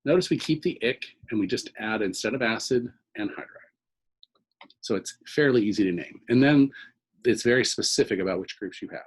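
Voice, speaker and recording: A man's voice: fairly low pitch, lively intonation, brisk, husky, rough recording. A man teaching organic chemistry in a recorded lecture, explaining step by step and often checking in with "okay?".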